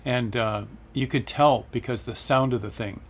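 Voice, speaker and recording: A man's voice: medium pitch, moderate pace. A middle-aged man hosting a casual flight-sim livestream, chatting and reading viewer comments aloud with frequent laughs. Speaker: livestream host.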